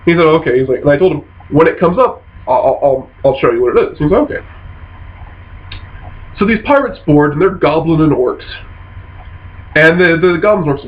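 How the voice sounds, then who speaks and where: A man casually telling a funny story from a tabletop game session, jumping into quoted voices with animated bursts. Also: sits high, fairly quick. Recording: dull lo-fi sound.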